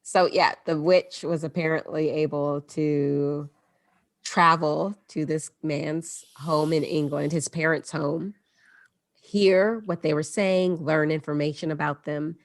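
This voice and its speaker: A woman's voice: sits low, no room sound, clean studio sound. A woman hosting a podcast and telling a story casually, moving between read passages and chatty asides. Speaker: podcast host.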